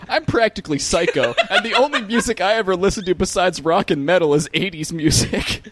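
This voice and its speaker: A man's voice: sits high, animated, brisk, fairly bright tone. A man reading list items and comments aloud in a casual comedic chat, plain delivery.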